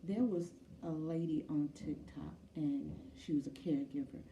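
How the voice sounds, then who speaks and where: A woman's voice: deep voice, normal speed, warm tone, slight background noise. A woman vlogger earnestly retelling a story to her viewers with frequent fillers. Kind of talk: casual talk to camera. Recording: echoey room, from far off.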